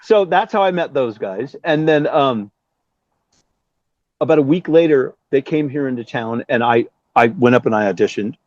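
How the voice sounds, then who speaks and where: A man's voice: medium pitch, darkish tone, no echo. A middle-aged man from Southern California, a musician telling a story in a casual interview, swearing freely and acting out the voices of other people. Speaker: musician guest. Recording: slightly dull, dry sound.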